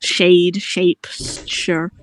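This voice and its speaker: A woman's voice: on the low side, little pitch movement, drawn-out words. A woman chatting casually with friends, talkative and laughing often. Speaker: friend in a gaming chat. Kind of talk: casual chat.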